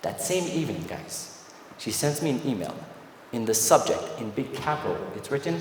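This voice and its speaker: A man from Quebec, Canada in his thirties giving a motivational keynote, animated storyteller acting out dialogue on stage. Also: on the low side, fast talker. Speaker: keynote speaker. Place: large event hall on stage. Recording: echoey hall with long reverb, faint noise.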